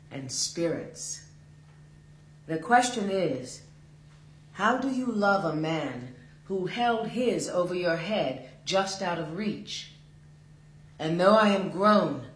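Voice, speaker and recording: A man reading his own literary prose aloud, in a slow, measured and deliberate way. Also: on the high side, fairly bright tone. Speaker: author reading his work. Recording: roomy recording with faint hum.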